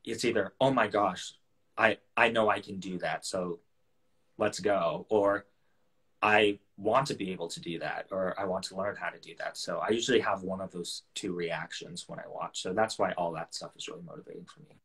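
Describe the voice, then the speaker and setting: A young man, an actor guest, chatting casually on a video call interview, soft-spoken and hesitant, often restarting his sentences. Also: deep voice, fairly even intonation, moderate pace, slightly rough.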